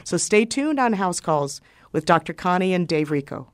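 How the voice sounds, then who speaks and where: Woman talk radio host, lower voice, expressive and conversational. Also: moderate pace, over loud music.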